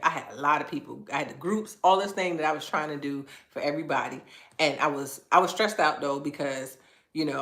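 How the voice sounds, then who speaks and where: A woman wellness coach talking through a personal story in an animated, casual way, slipping into higher voices when she quotes people. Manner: casual, conversational phrasing. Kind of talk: live-streamed personal story talk. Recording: echoey room.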